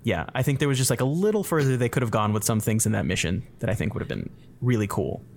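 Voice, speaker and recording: A man's voice: medium pitch, animated, quick pace, gravelly, slight background noise. A man in a casual conversation, talking thoughtfully and hedging his points. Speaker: guest. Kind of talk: casual chat.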